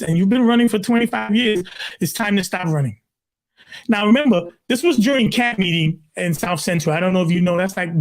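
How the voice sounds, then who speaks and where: Older brooklyn guy, pastor, high voice, animated storytelling, lots of "literally". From Brooklyn, New York. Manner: emphatic, repeats "literally", acts out his own quotes. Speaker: pastor, guest.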